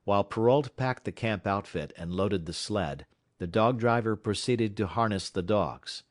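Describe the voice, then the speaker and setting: Deep-ish guy reading an audiobook, slow dramatic delivery, dry close mic. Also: no echo. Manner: measured, dramatic, dropping low on tense moments. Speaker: audiobook narrator. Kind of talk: scripted audiobook narration.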